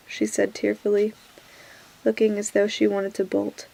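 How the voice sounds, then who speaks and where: A woman reading a novel aloud in a soft whispered role-play. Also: mid-range voice, completely flat delivery, moderate pace, gravelly, rough recording. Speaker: reader.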